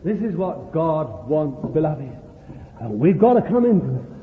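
A man's voice: a little high, sing-song, a little slow, a little hiss or hum. A man preaching a sermon to a congregation, fervent and exclamatory, calling out to his listeners. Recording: echoey hall, tinny lo-fi line.

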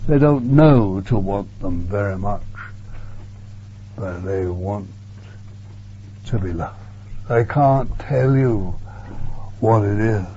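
A man preaching a sermon in an earnest way, repeating words and sometimes dropping to a hush, on a dull lo-fi recording with a faint hum. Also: on the low side, takes it slowly, long pauses.

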